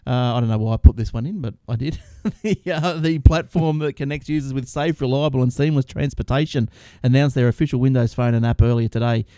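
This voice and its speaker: A man's voice: medium pitch, fast talker, dark tone, smooth, dry recording. A man hosting a casual tech podcast, rambling through the news with restarts and frequent laughs. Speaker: podcast host.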